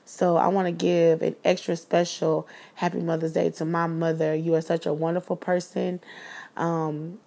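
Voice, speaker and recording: Low gravelly-voiced woman podcaster. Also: dark tone. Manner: emotional, earnest, rambling with fillers. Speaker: podcast host. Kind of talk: heartfelt personal monologue.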